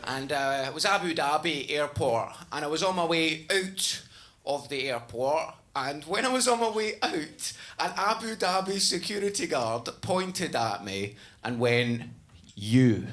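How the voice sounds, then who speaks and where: A man's voice: on the high side, expressive, measured pace. A man telling a wry stand-up anecdote. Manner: bright, wry anecdotal storytelling. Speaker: stand-up comedian. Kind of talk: stand-up routine.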